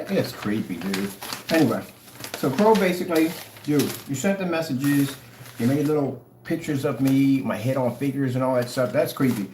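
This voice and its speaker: Man, mocking rant to camera, very animated pitch, roomy sound with faint hiss. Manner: mocking, taunting, dramatic swings in tone. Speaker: online product seller. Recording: echoey room, faint noise.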